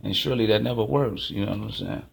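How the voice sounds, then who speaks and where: A man with a Chicago accent delivering a rambling, casual monologue, telling stories fast and acting out both sides of the exchanges. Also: fairly low pitch, vocal fry, slightly rough. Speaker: channel host.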